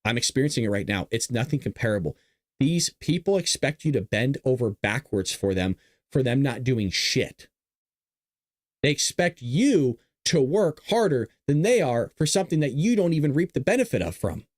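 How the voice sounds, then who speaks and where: A man hosting a political commentary show, casually rambling with crude, excitable remarks. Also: medium pitch, normal speed, no room sound, studio quality. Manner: excitable, crude, rambling, with self-amused laughs.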